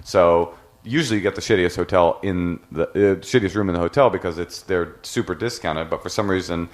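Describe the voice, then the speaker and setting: Lower-pitched man telling a comic story. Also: fairly quick. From Oakland, California. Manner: animated, profane, self-mocking. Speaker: podcast host. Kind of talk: comedic storytelling.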